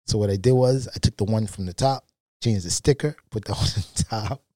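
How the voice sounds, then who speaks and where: Man, podcast guest, low voice, candid and animated storytelling, dry close sound. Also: a little fast, dry recording. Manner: candid, animated anecdotes with frequent fillers. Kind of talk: casual storytelling.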